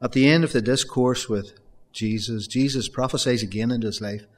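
A male preacher delivering a sermon at a middle pitch. He talks earnestly, then swells into loud, emphatic peaks. He keeps turning to the congregation and calling them folks. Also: steady tone, a little fast.

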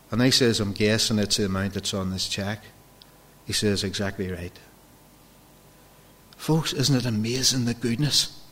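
A man's voice: lowish voice, fairly bright tone. A man preaching a sermon, telling personal stories and acting out the dialogue as he addresses his congregation directly. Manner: storytelling, acts out dialogue, addresses the folks directly.

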